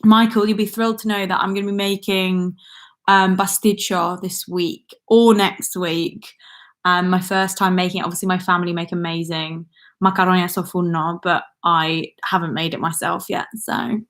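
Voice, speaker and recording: A woman's voice: fairly low pitch, flat delivery, moderate pace. A young woman chatting casually on her livestream, reading out viewer comments and rambling with frequent ums and little laughs. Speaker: YouTuber hosting a livestream. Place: indoors at home with a laptop.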